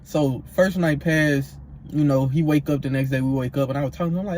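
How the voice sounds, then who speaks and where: A man in his twenties telling a story in an animated, slangy way, repeating himself for emphasis. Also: on the high side, a little fast, slight background noise. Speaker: vlogger. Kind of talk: storytime vlog.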